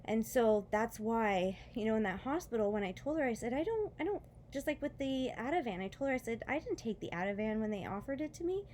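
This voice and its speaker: A woman's voice: on the high side, animated, brisk, few pauses, a little mellow, a little hiss or hum. A woman with children telling her story of faith after foot surgery, earnest and chatty, with many fillers and short laughs, while in pain. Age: adult with children. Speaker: vlogger sharing a testimony. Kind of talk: casual personal testimony.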